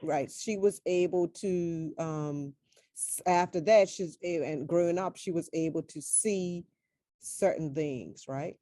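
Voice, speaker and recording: A woman host asking interview questions, prompting her guest in a halting way. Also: on the low side, dark tone, no room sound, clean studio sound.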